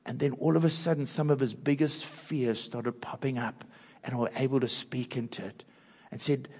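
An older man with a South African accent, preaching an earnest sermon through personal stories and dropping soft and low at tender moments. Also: normal speed, slightly rough. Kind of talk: storytelling sermon. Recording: long hall reverb.

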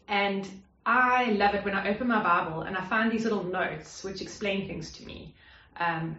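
A woman's voice: medium pitch, fairly bright tone. A woman preaching a sermon in an earnest, conversational way, with fillers and restarts. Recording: roomy, slightly dull sound.

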